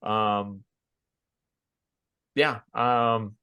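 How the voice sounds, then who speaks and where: A man's voice: on the low side, fairly even intonation, very slow, muffled recording. A man co-hosting a casual movie chat, wry and joking, often repeating words as he talks. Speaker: podcast co-host.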